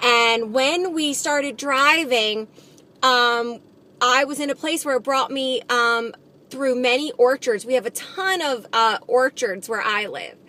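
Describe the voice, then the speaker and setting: A woman's voice: sits high, takes it slowly, pushed and bright. A woman recording a devotional vlog from her car, talking in an earnest, encouraging way with lots of "just" and "you know.". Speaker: Christian vlogger. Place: in a car while driving. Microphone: phone camera.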